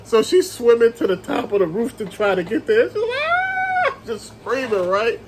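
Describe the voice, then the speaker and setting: Guy with a high voice retelling a monster movie, animated, laughs a lot, calls everybody fam. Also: fairly quick, a little hiss or hum, low-quality recording. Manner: animated storytelling, acts out scenes, laughs, addresses viewers as family. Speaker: movie reviewer. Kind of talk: casual movie review rant.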